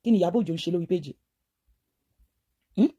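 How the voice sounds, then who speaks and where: Warm-voiced woman on gossip commentary. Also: on the low side, racing, husky. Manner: mixes Yoruba and English, pointed and questioning.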